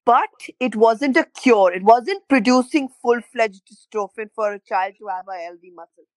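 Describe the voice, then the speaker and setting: A middle-aged woman, a parent telling her story in an interview, halting and emotional, often repeating words. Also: fairly high pitch, animated, darkish tone, no room sound, poor audio. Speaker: parent of a child with a rare illness, interview guest.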